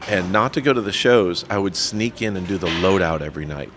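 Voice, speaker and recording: A man with a low voice sits in as a podcast guest and tells his story with animated energy. He pokes fun at himself and acts out the lines people said to him, with a faint hiss under the recording. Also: fairly quick. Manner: self-deprecating. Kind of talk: storytelling interview.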